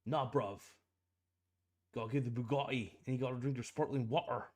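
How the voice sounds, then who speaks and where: A man's voice: medium pitch, steady tone, brisk, darkish tone, natural voice. A man voicing a pushy, hustle-obsessed male producer in a hammy mock British accent, nagging in slang.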